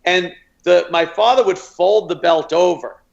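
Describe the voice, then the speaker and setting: Gravelly man telling a childhood story. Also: sits high, measured pace, dull audio. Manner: laughing through a blunt story. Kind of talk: casual storytelling.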